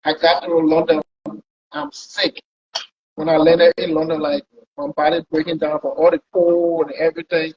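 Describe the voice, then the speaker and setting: High husky guy rambling thru his trip story, repeats words a lot, muffled lo-fi sound. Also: big pitch swings, moderate pace. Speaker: pilot guest. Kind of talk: conversational storytelling. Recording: dull lo-fi recording.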